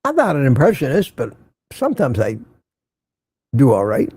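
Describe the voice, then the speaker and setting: A man's voice: mid-range voice, wildly swooping pitch, normal speed, dark tone, slightly rough, no room sound. An older man from Central Florida hosting a casual morning livestream, rambling and reading out viewer comments. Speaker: livestream host.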